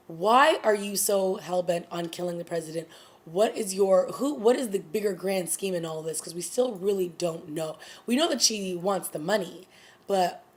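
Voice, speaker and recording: A woman's voice: mid-range voice, a little mellow. A woman in her thirties chatting casually through a TV episode review, exclaiming and acting out quotes. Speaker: TV recap vlogger.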